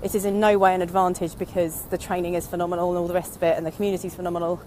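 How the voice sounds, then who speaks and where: In a lowish, darkish voice with flat delivery, a woman in her thirties talks rapid-fire, with a little hiss or hum in the audio. She's an online business vlogger walking outdoors, slightly out of breath. Her casual, reflective monologue is candid and rambling, full of tangents.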